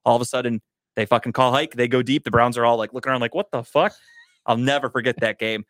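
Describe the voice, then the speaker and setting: A man chatting casually on a sports podcast, telling stories quickly and cursing freely. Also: medium pitch, little pitch movement, fairly bright tone, no room sound, studio quality. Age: adult, grown older. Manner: profane, fast storytelling. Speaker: podcast host, sports fan.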